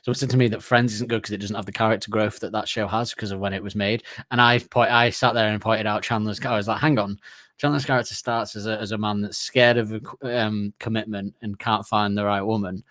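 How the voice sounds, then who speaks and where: A man's voice: on the low side, fairly even intonation, fast, fairly bright tone, no room sound, studio quality. A man, co-hosting a podcast and retelling sitcom scenes in a rambling, laughing way. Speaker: podcast co-host. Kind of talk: casual chat.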